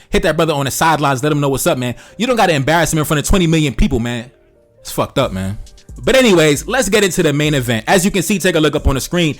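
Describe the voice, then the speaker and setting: Fast, fired-up man ranting online. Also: fairly high pitch. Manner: blunt, heated, swearing often, frequent "man" and "brother". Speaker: commentary channel host. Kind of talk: casual commentary on social media posts.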